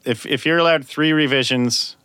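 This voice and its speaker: A man who works as a sound designer, hosting a casual podcast chat and explaining things in a measured way. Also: mid-range voice, sharp tone, clear, resonant tone, no room sound.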